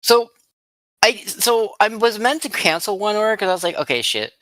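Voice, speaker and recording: A podcast co-host telling funny stories in an animated, giggly way. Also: medium pitch, moderate pace, no echo. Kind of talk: casual chat.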